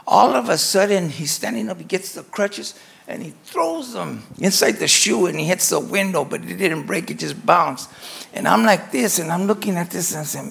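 A man who is a pastor, telling a story in a sermon in an animated way, acting out the scenes as he goes. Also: sits high, moderate pace, gravelly.

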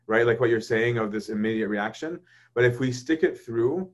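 A man teaching in a casual, conversational way. He keeps checking in with "right?" and acts out quoted thoughts in lively voices. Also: medium pitch. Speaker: speaker leading a faith discussion.

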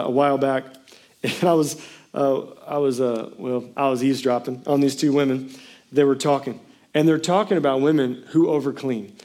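A man in his thirties, a pastor giving a sermon in a casual, jokey storytelling way, often breaking into loud, excited bursts. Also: medium pitch.

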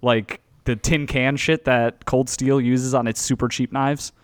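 A man's voice: mid-range voice, unhurried, clean tone. A man co-hosting a podcast in casual chat, full of "like" and restarts, on a call. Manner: animated, filler-heavy, knife enthusiast talk. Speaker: podcast co-host. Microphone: remote call mic.

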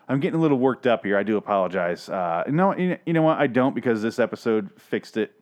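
A man's voice: mid-range voice, lively intonation, quick pace, few pauses, darkish tone. A man recapping a TV episode in a casual, sarcastic, profane rant, often exasperated. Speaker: podcast host reviewing a TV episode.

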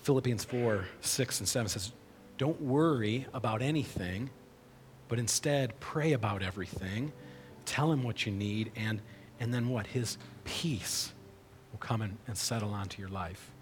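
A man's voice: fairly low pitch, unhurried, a little hiss or hum. A man preaching a sermon in a conversational way, often checking in with "right?". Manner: conversational, frequent "right?" asides. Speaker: pastor. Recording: long hall reverb.

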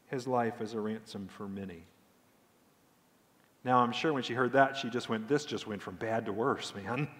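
Male pastor preaching, gets loud then goes real quiet on the sad story, big echoey church hall. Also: medium pitch. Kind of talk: sermon. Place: church sanctuary. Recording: long hall reverb.

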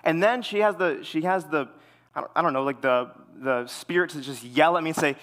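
Young man, casual sermon, bright tone, loose and chatty, lively when telling stories. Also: fairly high pitch, a little fast. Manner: relaxed, filler-heavy storytelling; animated when retelling stories. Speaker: preacher.

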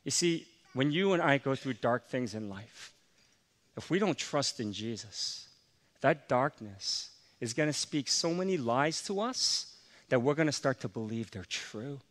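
A man's voice: mid-range voice, expressive, measured pace, a bit bright. A man preaching a sermon, a pastor who tells a heartfelt family story in an earnest, confessional way, with emotion that swells.

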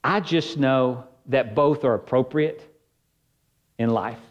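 A man's voice: mid-range voice, takes it slowly, highs cut off. A man preaching a sermon as pastor, earnest and conversational, shifting his emphasis as he speaks.

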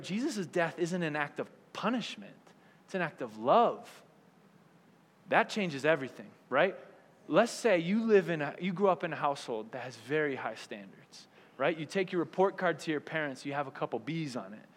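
A pastor gives a casual sermon, checking in with the crowd by asking "right?" again and again and slipping into little acted voices. His voice sits a touch high for a man. It rings out with a long hall reverb. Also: animated, normal speed. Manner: chatty, keeps asking "right?", acts out quoted voices. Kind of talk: conversational sermon.

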